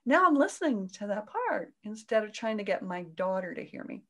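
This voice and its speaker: A woman speaking as a parenting coach in an interview, explaining calmly in a gentle, soothing way and breaking into quoted voices with big jumps in pitch. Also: moderate pace.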